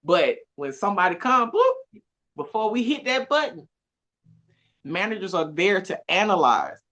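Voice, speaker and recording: Woman, podcast guest, expressive, laughs often, lively pitch. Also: unhurried, lo-fi sound. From Atlanta, USA. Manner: animated, expressive storytelling with frequent laughs. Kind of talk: casual conversation.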